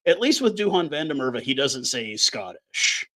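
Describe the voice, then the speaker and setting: A man's voice: mid-range voice, very animated, moderate pace, fairly bright tone. A man from Canada co-hosting a casual podcast, talking bluntly and ranting with plenty of swearing. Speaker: podcast co-host. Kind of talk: casual chat.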